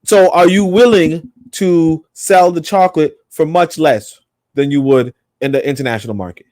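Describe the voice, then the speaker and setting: A man's voice: on the high side, normal speed, a little mellow, dry recording, clean studio sound. A man co-hosting a podcast, talking in a rambling, emphatic, profane way. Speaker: podcast co-host. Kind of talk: casual opinionated chat.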